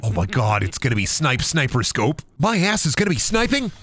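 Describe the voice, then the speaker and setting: A man's voice: mid-range voice, sing-song, brisk, fairly bright tone. Crude joking man streaming a game. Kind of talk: gaming stream commentary.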